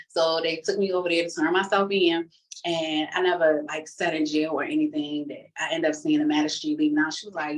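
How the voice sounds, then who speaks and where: A woman tells her personal testimony in a relaxed, conversational way. Her voice sits fairly low, and she animates the story by acting out the people in it. She sounds a little distant from the microphone. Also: a little fast. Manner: casual, conversational speech.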